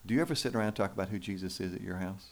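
A man's voice: low voice, racing. A man preaching a sermon in church, folksy and emphatic, with rhetorical questions to the congregation. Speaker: pastor.

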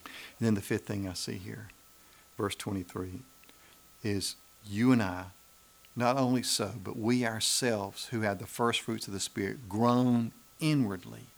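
This preacher's voice sits on the low side, steady and creaky, as he alternates between forceful climbs and quiet, slowed passages. Repetition of key phrases adds weight to his sermon.

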